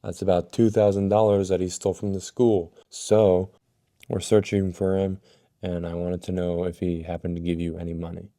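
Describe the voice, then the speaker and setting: A man voicing a tired, stern school vice principal who talks in a calm, measured way. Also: low-pitched.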